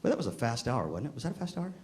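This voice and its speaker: Speaking in a medium pitch with a sing-song, racing delivery and a darkish tone, this middle-aged keynote speaker entertains band directors in a convention hall. He tells stories to the live crowd, performing the voices within them, while a faint hiss or hum runs underneath.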